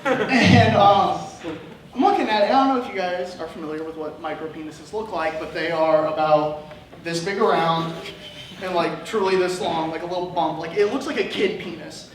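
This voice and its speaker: High-voiced young man telling stand-up stories in an echoey room. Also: moderate pace. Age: young adult. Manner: rambling, self-deprecating, laughing at own jokes. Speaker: stand-up comedian. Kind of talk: open mic stand-up storytelling. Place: comedy club stage. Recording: echoey room from far off, faint noise.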